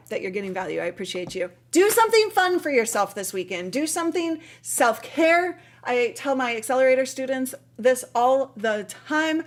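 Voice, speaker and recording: Tired, chatty woman hosting a livestream. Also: a little high. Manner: chatty and upbeat, laughs often, trails off with fillers. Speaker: livestream host. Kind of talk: casual live Q&A stream.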